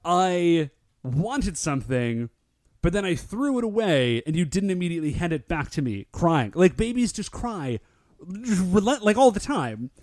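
Animated, high-voiced male podcast co-host. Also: moderate pace, no room sound, studio quality. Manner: excitable, filler-heavy with lots of "like". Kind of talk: casual recap chat.

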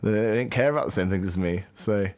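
A man's voice: lowish voice, quick pace, darkish tone, dry recording. A man from Guernsey co-hosting a podcast, chatting in a rambling, jokey way that keeps correcting itself. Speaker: podcast co-host. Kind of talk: casual chat.

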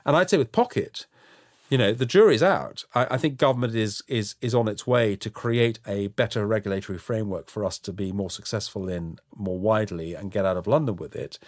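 A middle-aged man with a somewhat low voice speaks frankly and thoughtfully, often restarting his phrases as he works out what to say. The recording is dry and close, with no room sound. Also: no echo. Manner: frank, measured, with frequent restarts. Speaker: interview guest, housing developer. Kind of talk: reflective interview answers.

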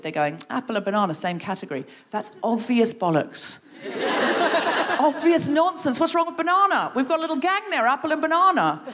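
Woman, fairly high voice, energetic stage talk, playful, laughs often. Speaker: guest speaker leading a creativity exercise. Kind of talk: live stage talk to an audience.

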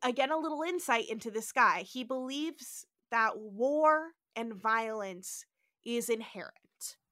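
A woman hosting a podcast in casual chat, animated as she recaps a TV episode and acts out lines. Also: on the high side, a little slow, no room sound, clean studio sound. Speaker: podcast host.

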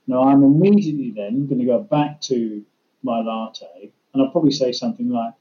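Guy teaching listening skills, warm mellow voice, kinda dull lo-fi audio. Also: mid-range voice, moderate pace. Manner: practical, illustrates with acted-out examples. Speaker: communication trainer. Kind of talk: explaining in a podcast conversation.

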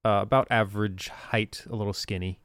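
A man's voice: lowish voice, fairly even intonation, a little fast, a bit bright, dry recording, clean studio sound, natural voice. A man voicing a young woman shopkeeper who talks in a nervous, hesitant way.

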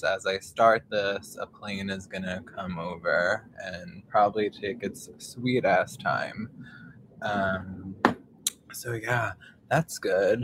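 A man's voice: lowish voice, a little hiss or hum. A young man hosting a casual live podcast outdoors, rambling with many fillers and casual swearing. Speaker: podcast host.

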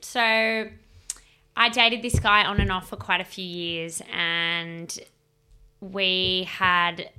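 A woman's voice: on the low side, flat delivery, takes it slowly, bright, forceful tone, smooth. A woman co-hosting a casual chat, chiming in with reflective comments. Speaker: podcast co-host.

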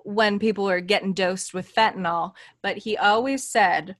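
A woman co-hosting a podcast, telling anecdotes in an animated, unhurried way in casual chat. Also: medium pitch, no room sound, clean studio sound. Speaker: podcast co-host. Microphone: studio microphone.

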